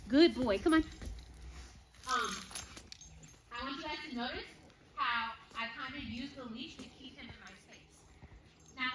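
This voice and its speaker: A woman dog trainer explaining obedience to viewers while working with her dog, firm and brisk, with frequent tag questions. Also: high-pitched, noisy background. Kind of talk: outdoor training demonstration.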